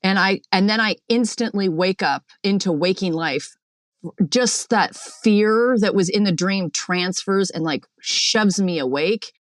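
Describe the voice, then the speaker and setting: A woman calling in from a boat, telling her dream in a chatty, animated way with lots of fillers, acting out what people said. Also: mid-range voice, measured pace, no echo, studio quality. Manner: chatty, animated storyteller, many fillers, acts out quotes. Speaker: caller. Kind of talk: recounting a dream on a call-in show.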